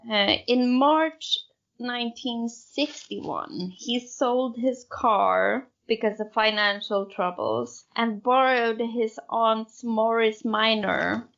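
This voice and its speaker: Slow, gravelly woman podcaster. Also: a little high, fairly bright tone, dull audio. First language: not English. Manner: storytelling, giggly, hesitant. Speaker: podcast co-host. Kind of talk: casual true-crime podcast chat.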